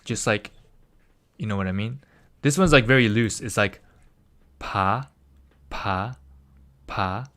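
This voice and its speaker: Male tutor, unhurried, crisp clear voice, patient syllable drills, chatty fillers. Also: medium pitch, sharp tone. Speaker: Korean language tutor. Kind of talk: casual live tutoring.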